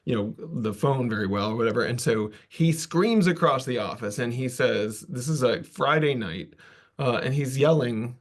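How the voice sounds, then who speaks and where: A man's voice: medium pitch, moderate pace. A man giving a conference talk, telling a story in a casual, self-deprecating way with loose asides. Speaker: conference presenter.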